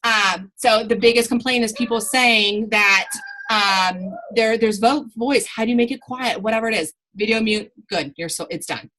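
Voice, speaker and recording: A woman talks straight to her viewers from home, giving sales tips in a loose, animated chat. Her voice is bright and forward, and she keeps rolling with little fillers and asides. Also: fairly high pitch, normal speed, poor audio. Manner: chatty and animated, lots of fillers. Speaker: clothing sales consultant. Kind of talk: casual tips chat to camera.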